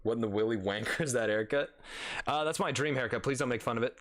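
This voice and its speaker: A man hosting a gaming video gives laid-back commentary on a game he's never played before, goofy, restless, laughing and swearing freely. He speaks briskly at medium pitch with a fairly bright tone and slight background noise.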